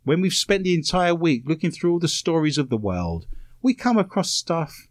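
A male radio host talks with a teasing, playful edge and a fairly high voice that swings up and down a lot. The studio sound is close and dry, with no room around him. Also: big pitch swings, normal speed, no room sound. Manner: playful, teasing, full of innuendo. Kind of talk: comedic radio chat.

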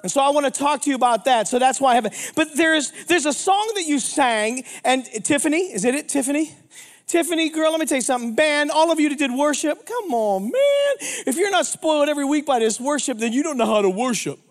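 A man with a notably high voice delivers a lively, humorous sermon. He jokes with the congregation and keeps firing questions at them. He sounds like a seasoned minister in his fifties. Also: fairly quick. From Pittsburgh, United States. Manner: energetic, joking, asks the crowd questions. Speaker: traveling minister.

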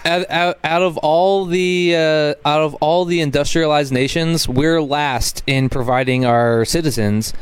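A man co-hosting a comedic radio show, riffing deadpan on absurd conspiracy jokes. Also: a little high, unhurried, hardly any pauses, clear, resonant tone.

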